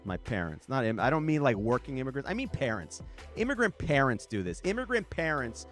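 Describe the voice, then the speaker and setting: A man's voice: medium pitch, big pitch swings, fairly quick, fairly bright tone, soft background music. A man hosting his own show, talking casually and comedically to viewers, mocking with rhetorical questions and brief impressions. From United States. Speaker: podcast host. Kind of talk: casual comedic monologue reading chat.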